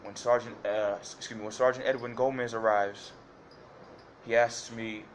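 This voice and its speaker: A man's voice: medium pitch, flat delivery, moderate pace, a little hiss or hum. A man giving detailed courtroom testimony to a judge, hesitant and repetitive with many fillers and restarts. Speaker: defendant addressing a judge.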